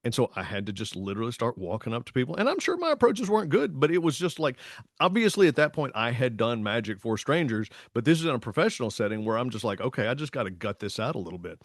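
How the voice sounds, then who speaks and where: A man, co-hosting a podcast and telling stories in a lively, casual way, acting out the voices in his stories. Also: medium pitch, fast, dry recording, clean studio sound. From Tennessee, US. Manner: animated storytelling with voiced quotes. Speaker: podcast co-host. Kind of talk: casual chat.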